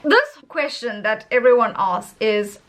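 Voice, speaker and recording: A woman's voice: high-pitched, normal speed. A South African woman in her thirties with a South African accent, an English teacher giving her views in a casual, emphatic vlog. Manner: animated, emphatic, laughs often.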